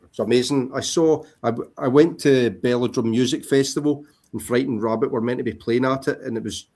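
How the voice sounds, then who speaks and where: A man in a casual video call chat, showing records and rambling with many pauses and ums. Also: medium pitch, fairly even intonation, darkish tone. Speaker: vinyl collector showing records.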